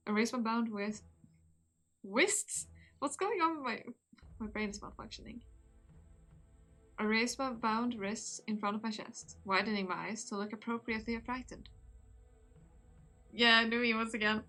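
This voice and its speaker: A woman's voice: fairly high pitch, a little slow, pauses often, pushed and bright, faint music behind. A young woman streamer, giggly and chatty, reading a story aloud and talking with her viewers. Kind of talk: casual live-stream chat and story reading.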